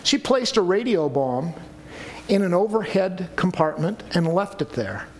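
A man's voice: high-pitched, very animated, a little slow, a little mellow, slight background noise. A man preaching a sermon to a congregation, earnest and pleading at times. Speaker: pastor.

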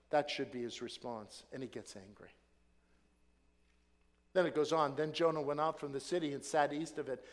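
A man preaching a sermon with great drama, swinging between hushed whispers and shouted praise and acting out quoted prayers. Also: fairly high pitch, moderate pace, long pauses, long reverb tail. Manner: acts out quoted prayers with rising passion.

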